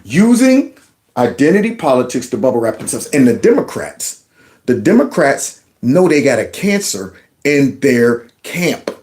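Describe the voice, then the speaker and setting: A man's voice: medium pitch, very animated, measured pace, darkish tone. A middle-aged man, ranting and mocking as he comments on political clips. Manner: heated, mocking, mimics voices.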